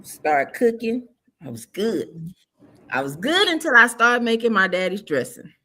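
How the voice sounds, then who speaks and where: A woman's voice: medium pitch, very animated, unhurried, sharp tone. A woman telling a personal story openly in a casual podcast chat.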